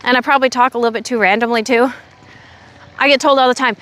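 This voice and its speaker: A young woman from Oregon chatting with her live chat while out in a windy park. She says she is sick and low on energy, but she keeps talking with a sassy edge. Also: steady tone, fast, pauses often, fairly bright tone. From Oregon, USA. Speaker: livestreamer. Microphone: phone on a selfie stick.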